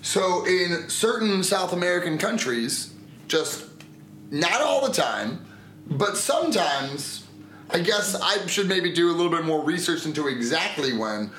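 A man co-hosting a casual chat, animated and quick to laugh, hedging as he explains. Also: high voice, reverberant, a little hiss or hum. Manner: animated, laughs easily, hedges a lot. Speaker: podcast co-host. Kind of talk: casual chat about Spanish language.

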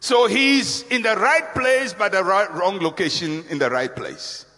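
A man preaching a sermon, emphatic and animated, acting out voices as he speaks. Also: measured pace. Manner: animated, emphatic, acts out voices with big pitch swings. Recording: long reverb of a large hall.

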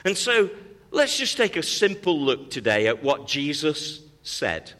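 A man's voice: on the high side, sing-song, a little slow, fairly bright tone, big-room sound. A man preaching a sermon as pastor, with an emphatic, repetitive cadence that builds through rising calls.

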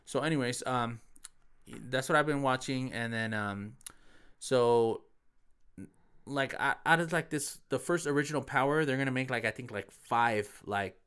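A man's voice: mid-range voice, normal speed, fairly bright tone, smooth. A man hosting a podcast in loose casual chat, laid-back, swearing freely and full of fillers. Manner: laid-back, heavy cursing, lots of fillers. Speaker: podcast host.

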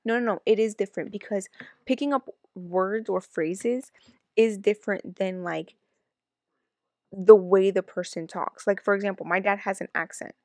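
A woman co-hosting a casual chat who rants in quick bursts and talks over her partner. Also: medium pitch, steady tone, darkish tone, dry recording, studio quality. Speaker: podcast co-host.

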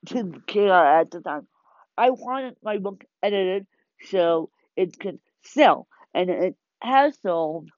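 A woman talks unhurriedly in a rambling, chatty way, looping back and repeating herself. Her voice sits at a middling pitch and sounds dry and close. The audio is dull and slightly muffled. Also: darkish tone, dry recording. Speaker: self-published author. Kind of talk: casual monologue vlog.

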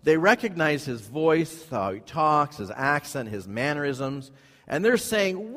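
A male pastor preaches to his congregation in a church, his voice trailing into a long hall reverb. He drives points home by repeating phrases and swings between quiet, low asides and loud, high peaks. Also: sing-song, unhurried. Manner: emphatic preaching with repeated phrases and sudden rises in pitch and volume. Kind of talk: sermon. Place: church sanctuary.

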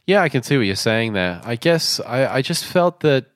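A man's voice: mid-range voice, sing-song, normal speed, no room sound, studio quality. A man co-hosting a casual movie review chat, often agreeing and steering the talk. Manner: agreeable, frequent backchannel "yeah". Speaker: podcast co-host.

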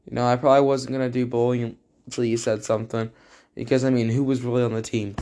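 A teenage boy talks in a loose, casual ramble, cracking jokes as he goes. He fills gaps with ums and wanders into side comments, and his voice sits at an ordinary middle pitch. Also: flat delivery, fast, dark tone. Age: teens. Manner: rambling, joking, lots of fillers and asides. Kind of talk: casual spoken tribute to a friend.

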